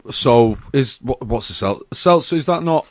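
A man chats on a podcast, giggly and quick to crack up. His pitch swoops widely as he talks. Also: animated. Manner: giggly, easily set off laughing. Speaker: podcast co-host. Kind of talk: casual podcast chat.

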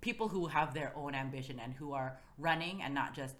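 A woman's voice: very deep voice, fairly quick, fairly bright tone. A woman talking earnestly as a podcast guest, giving motivational advice in a casual chat and often asking "you know what I mean".

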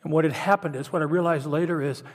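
Middle-aged guy preaching, kinda husky, voice ringing around a big church hall. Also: on the high side, fairly even intonation, fast talker. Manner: earnest, confessional storytelling. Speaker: pastor. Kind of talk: sermon. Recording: long hall reverb.

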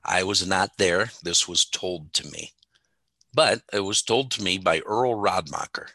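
A man who teaches the Bible co-hosts a casual theology talk, telling stories emphatically and laughing often. His voice sits low and has a bright, forceful tone; he's unhurried, and there's no room sound.

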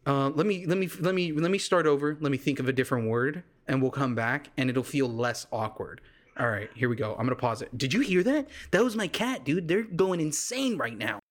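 A man's voice: fairly high pitch, lively intonation, brisk. A young man from Texas hosting a casual solo podcast, rambling loosely and jokily with lots of fillers and restarts. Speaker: podcast host. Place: warm home room with a fan running.

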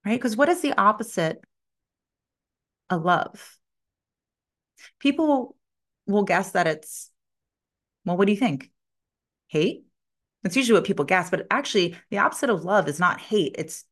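A middle-aged woman hosting a podcast, telling a personal story and talking about spiritual growth in an animated way, acting out what people said and laughing often. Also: medium pitch. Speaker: podcast host.

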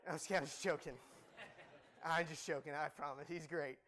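A young man preaching a sermon in an animated, joking, emphatic way. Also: fairly high pitch, normal speed.

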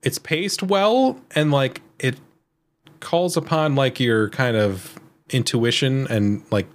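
A man co-hosting a podcast, chatting casually about a film and laughing often. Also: slow pace. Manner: laughs often, lively swings in pitch. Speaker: podcast co-host. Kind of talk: casual movie-discussion chat.

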